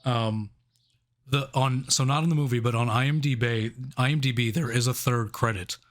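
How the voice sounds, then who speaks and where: A man's voice: mid-range voice, moderate pace. A man co-hosting a casual movie review podcast, joking and swearing, often laughing. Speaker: podcast co-host.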